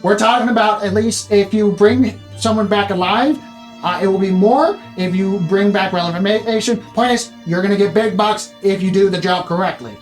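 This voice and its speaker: A game master voicing a fussy male archivist wizard with a nasal voice, rushing through a long magical message in bureaucratic rambling. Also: medium pitch, faint music behind, lightly acted. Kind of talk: tabletop role-play voice.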